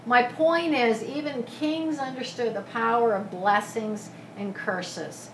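A woman preaching a sermon, retelling a scripture story in a lively, casual way with asides. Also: fairly high pitch, takes it slowly, slight background noise. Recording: echoey room from a distance.

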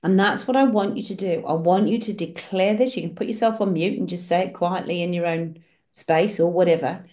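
A woman's voice: on the low side, brisk, a little mellow. A woman leading an online prayer session on a video call, speaking in an encouraging, storytelling way. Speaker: prayer group leader.

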